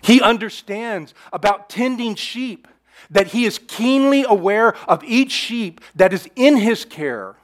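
A man with a high voice preaches a sermon. His delivery is earnest and emphatic, and he often repeats key phrases before dropping to a hushed tone. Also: expressive, measured pace. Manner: repeats phrases and restarts mid-sentence. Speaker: pastor.

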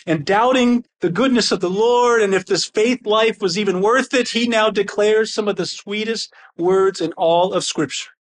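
A man preaching a sermon with fervent, excited intensity that sounds almost angry. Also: sits high. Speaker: pastor.

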